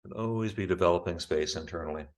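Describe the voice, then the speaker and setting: Low-voiced man calmly guiding a yoga class. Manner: calm, unhurried spoken cues for breathing and poses. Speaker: yoga teacher. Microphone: video call.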